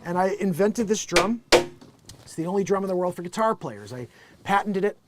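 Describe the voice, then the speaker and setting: A man's voice: high voice, a little fast, heavy background noise. A man hosting a live-streamed comedy monologue, joking and promoting his show. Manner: animated, joking, self-promoting. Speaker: host.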